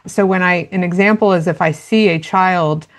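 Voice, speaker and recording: A woman's voice: on the low side, normal speed. A woman guest in a conversational interview, explaining parenting in an earnest, practical way and acting out little quoted exchanges.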